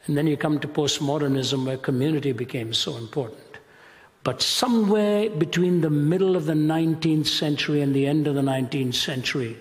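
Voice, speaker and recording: A man's voice: a little high, fairly quick, in a large hall. A man giving a passionate, emphatic sermon-style lecture on ethics, speaking as a Christian apologist.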